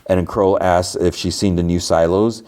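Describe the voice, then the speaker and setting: A man with a low, clean, darkish voice and fairly even intonation hosts a podcast at a moderate pace. His TV episode recaps are casual and rambling, loaded with "like."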